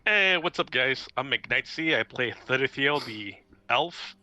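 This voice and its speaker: A man's voice: medium pitch, expressive, slow, pushed and bright, no room sound. A man player introducing himself in casual chat, upbeat and scattered with fillers, heard over a video call. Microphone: different camera setup on a video call. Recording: dry, dull lo-fi call audio.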